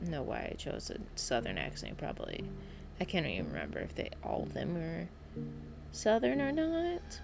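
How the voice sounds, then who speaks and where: Woman, casual gameplay commentary at home, rambling, chatty, gravelly voice, lowish pitch. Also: background noise. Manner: rambling, chatty, self-correcting with fillers. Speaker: gameplay narrator.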